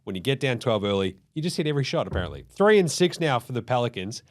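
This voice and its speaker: Fast-talking and sing-song, a man with a medium-pitched voice and an Australian accent runs a basketball recap show. He swears liberally and voices what players might have said, in a loose, profane breakdown of the game.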